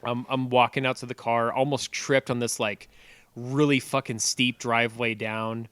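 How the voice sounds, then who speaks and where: A young man on a podcast telling a profane, animated story, breaking into loud yelling at times. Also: medium pitch, normal speed, smooth, dry recording. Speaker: podcast co-host. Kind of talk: casual storytelling chat.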